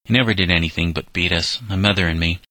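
A man's voice: low voice, fast, pushed and bright, no room sound. A man reading the part of a sullen, defiant seventeen-year-old runaway boy who speaks in bitter, resentful protests.

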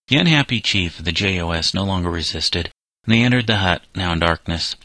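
A male audiobook narrator reading a novel chapter with a measured storytelling delivery. His voice is very deep, with a bright, forceful edge and a close, dry sound. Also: animated, dry recording, low-quality recording. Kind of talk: scripted narration.

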